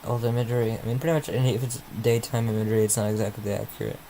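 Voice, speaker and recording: Here the same sort of host talks in a lowish, mellow voice, rapid-fire yet flat in delivery. Sleepy and yawning, he mutters and rambles to himself through his casual stream while awaiting updates. The recording is rough, with slight background noise.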